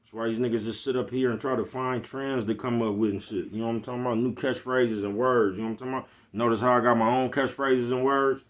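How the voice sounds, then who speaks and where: A man's voice: medium pitch, steady tone, fast talker, hardly any pauses. A man from East Oakland with a Bay Area accent, ranting bluntly in a casual monologue full of profanity and repeated check-ins with his listeners. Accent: Bay Area Black American English. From East Oakland, California. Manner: blunt, profane street talk, repeats "you know what I'm talking about". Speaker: vlogger.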